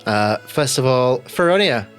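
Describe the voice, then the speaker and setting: A man's voice: medium pitch, expressive, a little slow, a bit bright, soft background music. A man running a tabletop role-playing game as game master, chatty and laughing often.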